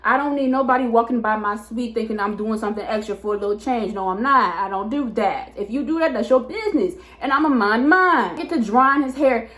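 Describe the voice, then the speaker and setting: A woman in her twenties, a hairstylist, telling a casual storytime vlog in a chatty, animated way with lots of fillers. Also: a little high, a little fast, few pauses. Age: 20s. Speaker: hairstylist and vlogger. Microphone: camera mic.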